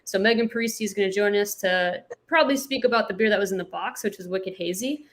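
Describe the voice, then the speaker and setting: A woman from California co-hosting a stream over a video call, playful and quick to laugh. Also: mid-range voice. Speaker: co-host. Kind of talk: casual live-stream chat.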